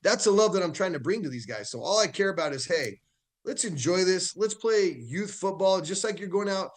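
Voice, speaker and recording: A man with an American accent, a football coach chatting as a weekly guest on a radio show, upbeat and quick to laugh, often restarting his sentences. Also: sits high, lively intonation. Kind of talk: casual radio show chat.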